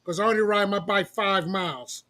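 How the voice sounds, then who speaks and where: A man's voice: high-pitched, fairly even intonation, normal speed, bright, forceful tone. A man co-hosting a casual chat, telling self-mocking stories and swearing.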